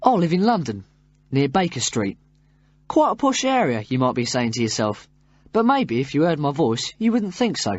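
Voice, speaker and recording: A man reads a first-person passage for a textbook audio track in a slightly high voice. His intonation swings widely as he reads. The recording is dry and a little dull. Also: sing-song, moderate pace, dry recording. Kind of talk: scripted first-person reading.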